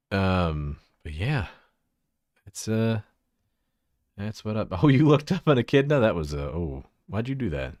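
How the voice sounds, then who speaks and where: A man's voice: fairly low pitch, sing-song, a little slow, long pauses, darkish tone, no room sound, studio quality. A man from Texas with a Texan accent, chatting casually on a livestream, rambling, giggling and trailing off into asides.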